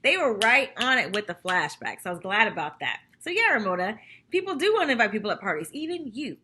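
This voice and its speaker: A young woman vlogger chatting casually about a reality show episode, gossipy and animated, acting out what people said. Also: a little high, brisk, a little hiss or hum. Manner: animated, gossipy, acts out quotes.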